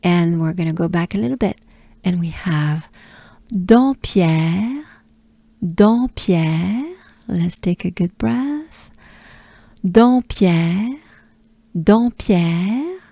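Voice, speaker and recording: French lady, middle-aged, slow patient pronunciation drills, warm soft tone, dry close mic. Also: lowish voice, lively intonation, creaky, no echo. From France. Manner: patient, drawn-out repetitions with breathing cues. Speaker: pronunciation coach.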